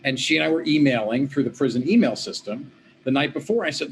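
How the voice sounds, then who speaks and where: A man of middle pitch speaks as an interview guest, recounting past events with animated energy. He slips into the voices of the people he quotes. A faint noise sits under the recording. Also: quick pace, vocal fry. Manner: animated, acts out quoted dialogue. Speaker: guest, former state senator and law professor. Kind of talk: conversational interview storytelling. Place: home office at a desk.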